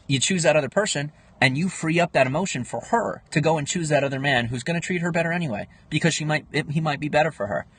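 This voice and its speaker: A man's voice: fairly high pitch, fast talker, hardly any pauses, fairly bright tone, breathy edge. Chatty young man on a livestream. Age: 20s. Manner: rambling, answers viewer comments. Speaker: livestream host. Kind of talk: casual livestream chat. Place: home livestream, in Pennsylvania.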